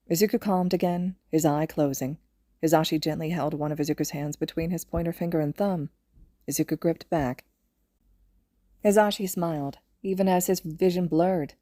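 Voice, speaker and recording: A woman reads fan fiction aloud in a gentle, even storytelling voice. Her voice is low and mellow. The recording is close and dry. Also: normal speed, dry recording. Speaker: podfic reader.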